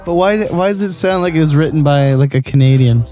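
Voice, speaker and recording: A man's voice: a little high, fairly quick, mellow, faint music behind. Squeamish laughing podcast co-host man. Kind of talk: casual podcast banter.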